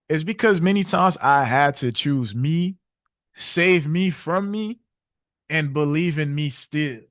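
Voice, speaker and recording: A man's voice: mid-range voice, expressive, measured pace, dry recording, clean studio sound. A man hosting a webinar, talking casually and candidly, reflective, laughing often. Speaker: trading webinar host. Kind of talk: casual motivational talk.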